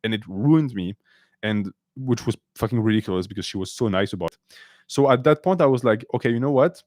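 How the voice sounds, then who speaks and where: Speaking briskly with lively intonation, a medium-pitched man with a darkish tone handles viewer questions on a casual live-stream Q&A. He's blunt and sarcastic, hopping between English and French, and the sound is clean studio audio with no room sound.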